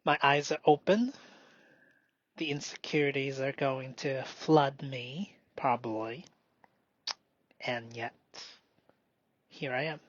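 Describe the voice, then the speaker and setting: A man doing a slow, meditative spoken self-reflection, halting and often dropping into a whisper. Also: medium pitch, steady tone, a bit bright, no echo. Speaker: solo performer. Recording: dull lo-fi dry recording.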